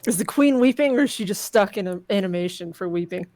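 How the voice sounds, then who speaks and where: A woman's voice: mid-range voice, lively intonation, fast talker, darkish tone, no echo. A woman co-hosting a game stream, reading out the story text with joking asides. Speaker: co-host. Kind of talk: playing a text adventure game. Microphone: desk microphone at home.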